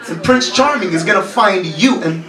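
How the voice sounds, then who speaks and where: A man's voice: high voice, expressive, moderate pace. A young man performing a live stand-up set, sardonic and self-deprecating, bantering with the crowd in a bar from a stage mic. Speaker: stand-up comedian. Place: bar comedy night. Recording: roomy bar recorded from far off, crowd laughing.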